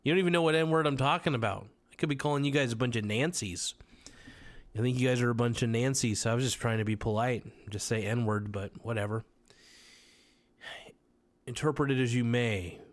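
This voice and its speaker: A man's voice: mid-range voice, a little fast. A man hosting a casual podcast livestream, reading chat comments aloud and answering them with crude, irreverent jokes on a close mic.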